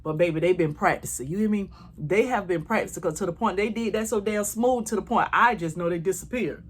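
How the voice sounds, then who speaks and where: A woman telling a travel story to her viewers in a casual, animated way, swearing freely. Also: medium pitch, a little fast, breathy edge.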